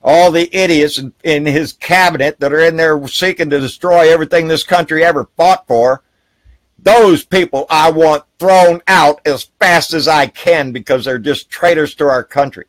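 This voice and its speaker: A man hosting a live political talk show outdoors by a river, ranting heatedly and with plenty of profanity, then brightening to greet viewers by name. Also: fairly high pitch, moderate pace, no echo. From Texas. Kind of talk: live political rant and viewer shout-outs.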